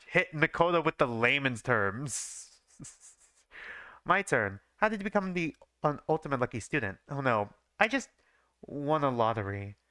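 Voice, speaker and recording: A man's voice: fairly high pitch, pushed and bright, smooth, no echo. A young man reads his old fanfiction aloud on a live stream, stumbling over lines and breaking off to swear and mock his own writing. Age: young adult. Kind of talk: live reading with offhand commentary.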